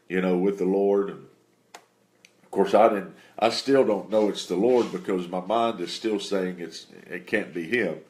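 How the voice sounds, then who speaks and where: A man telling a personal faith testimony in an unhurried, halting way with many fillers. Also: sits low, darkish tone.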